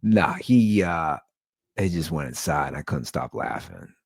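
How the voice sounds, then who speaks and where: A low-voiced man in his forties rambles through a comic story, his pitch swinging up and down. He talks as a show host, full of "like," and the sound is dry and close. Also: measured pace, husky, dry recording. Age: 40s. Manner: rambling and animated, with lots of "like". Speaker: podcast host. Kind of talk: comedic storytelling monologue.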